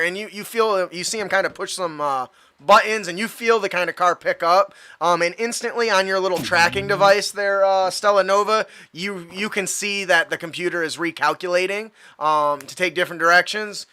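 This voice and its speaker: Man, game master, high voice, gravelly, hesitant, bright and smooth. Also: moderate pace. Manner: hesitant, full of fillers, laughing often. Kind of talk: narrating a tabletop game.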